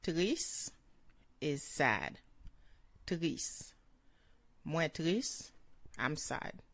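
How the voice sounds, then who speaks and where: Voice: mid-range voice, very animated, drawn-out words, vocal fry, fairly bright tone, no echo. A language teacher giving a short vocabulary lesson, saying each word several times and then translating it.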